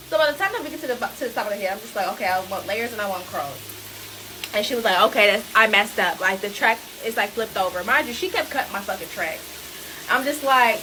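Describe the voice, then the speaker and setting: A woman's voice: a little high, fast. A woman telling a story in casual chat, swearing and acting out what people said. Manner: animated, swearing, acts out quotes. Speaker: salon customer telling a story. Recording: noisy background with frying sounds.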